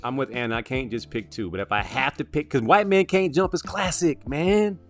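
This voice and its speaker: A man co-hosting a sports show, talking through favorite movies in a casual, animated way and tacking "man" onto lines. Music plays faintly underneath. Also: mid-range voice. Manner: animated, drawn-out "man" asides.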